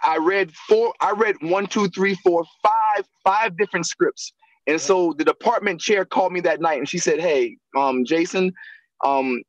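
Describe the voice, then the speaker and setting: Here a guest who works as an actor and acting coach chats informally, telling vivid stories, laughing, and doing voices for the people he quotes. His voice is high. The recording is dry and its highs are cut off.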